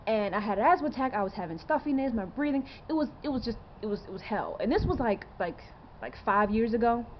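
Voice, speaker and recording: A woman's voice: on the high side, lively intonation, fast talker, slight background noise. Young woman in her 20s rambling to camera, earnest, lots of um and you know, kinda dull lo-fi sound. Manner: rambling, earnest, full of fillers and rhetorical questions. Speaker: vlogger. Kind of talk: casual to-camera monologue.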